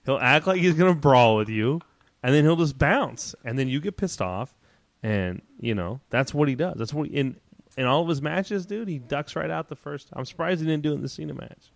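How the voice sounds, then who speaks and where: A man co-hosting a podcast, arguing his points in animated, casual chat. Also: fairly high pitch, creaky, no room sound. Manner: animated and argumentative, drawn-out casual filler. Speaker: podcast co-host.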